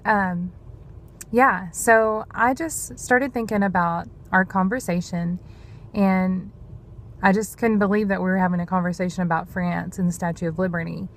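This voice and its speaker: A woman, talking earnestly and a bit rambling in a devotional vlog. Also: medium pitch. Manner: earnest, rambling, says "y'all". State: emotional, near tears. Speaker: vlogger sharing prophetic words.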